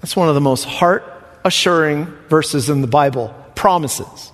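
Male pastor, emphatic sermon delivery, soft-to-loud swings, slightly high voice, reverberant sanctuary. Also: unhurried.

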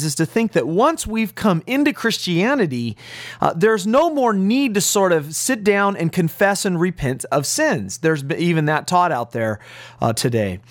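A man's voice: high-pitched, no echo, studio quality. A man teaching as pastor on a radio Bible program, preaching earnestly and urgently with emphatic repetition.

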